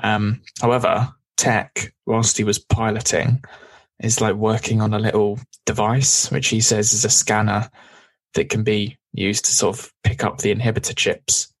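Recapping an episode on a laid-back podcast he co-hosts, this man has a fairly low voice with a flat delivery and moderate pace. He's chatty, laughs a lot, and does quick impressions.

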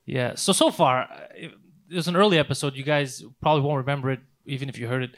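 A man's voice: medium pitch, quick pace. A man co-hosting a podcast, telling a profane story in casual chat and acting out the quotes. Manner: animated, profane, acts out quotes. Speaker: podcast co-host.

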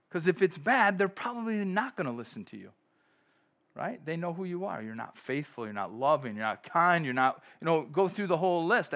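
A middle-aged pastor preaching a sermon in a conversational way, with sudden loud bursts. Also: male voice, a little high, very animated, a little fast.

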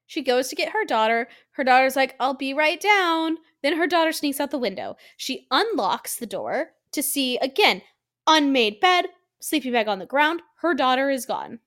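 A woman co-hosting a podcast in casual chat, animated and swearing, acting out quotes from scenes. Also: high voice, moderate pace. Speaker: podcast co-host.

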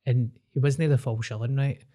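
Young Glaswegian guy, mellow warm tone, rambling podcast storyteller. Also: mid-range voice, fairly even intonation, normal speed. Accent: Glaswegian Scottish. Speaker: podcast co-host. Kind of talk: casual chat.

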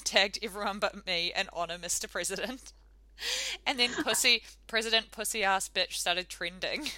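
A woman's voice: medium pitch, moderate pace, bright, forceful tone, dry recording. A young woman co-hosting a podcast, telling stories in casual, sarcastic chat. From New Zealand. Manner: chatty, sarcastic storytelling. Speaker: podcast co-host.

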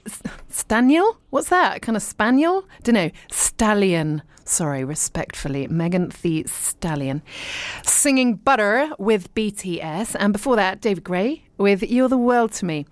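A woman's voice: medium pitch, lively intonation, a little slow, few pauses, dry recording. A middle-aged woman presenting a chatty local radio show from the studio, bubbly and talkative. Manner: bubbly, chatty, warm asides. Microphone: studio microphone.

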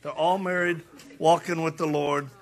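A man's voice: fairly high pitch, fairly even intonation, normal speed, creaky. A middle-aged man preaching a passionate sermon, repeating lines for emphasis and acting out stories with laughter. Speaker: speaker and preacher. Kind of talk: impassioned sermon with storytelling.

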